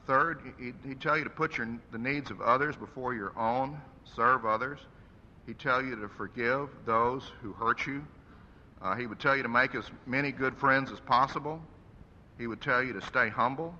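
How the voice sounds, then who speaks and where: A man's voice: mid-range voice, sharp tone, slight background noise. A man delivering an earnest, preacherly eulogy for his father at a funeral service. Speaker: son giving a eulogy. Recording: echoey hall, dull lo-fi sound.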